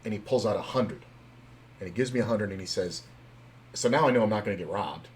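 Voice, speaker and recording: A man's voice: fairly low pitch, fast, a little hiss or hum. A young man streaming live, chatting casually and telling stories in a loose, rambling way full of fillers and swearing.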